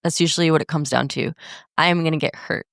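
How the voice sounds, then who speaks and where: Low, gravelly-voiced woman podcaster. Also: steady tone, fast talker, dry recording, clean studio sound. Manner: candid, blunt, swears freely. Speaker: podcast host. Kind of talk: casual podcast monologue.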